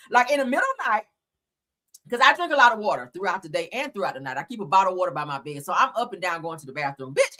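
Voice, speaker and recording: A woman's voice: mid-range voice, pushed and bright. A woman host giving blunt, profane gossip commentary, laughing often as she talks.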